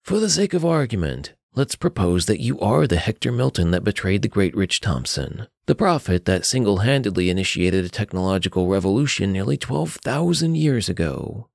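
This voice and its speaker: A man's voice: on the low side, very animated, normal speed, creaky, hardly any pauses, no echo, studio quality, heavily acted. A man voicing an old grandfather with a thick, tired voice in an audio story. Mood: explaining.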